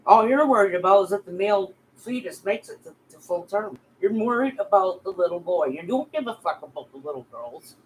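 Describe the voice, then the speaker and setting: A woman's voice: lowish voice, a little hiss or hum, poor audio. A middle-aged woman vlogger giving a heated, profane rant straight at her critics. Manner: profane, heated, addresses bullies directly. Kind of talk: angry direct-to-camera rant.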